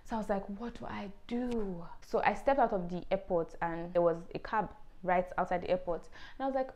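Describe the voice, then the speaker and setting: A woman's voice: mid-range voice, a little fast, a little mellow. A young woman from Nigeria, telling a personal testimony in an earnest, emotional vlog style with many fillers. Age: young adult. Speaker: vlogger.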